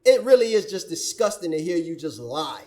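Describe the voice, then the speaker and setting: A man's voice: a little high, very animated, brisk, a little mellow. A man hosting a reaction commentary, scolding and preaching as he rants. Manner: preachy, scolding, quotes scripture. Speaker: commentary channel host.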